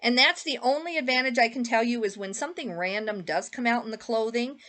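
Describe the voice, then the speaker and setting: A woman's voice: fairly high pitch, brisk, fairly bright tone. A middle-aged woman chatting casually with many fillers as she shows her thrift finds to viewers. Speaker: eBay reseller showing a thrift haul. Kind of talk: casual haul video talk.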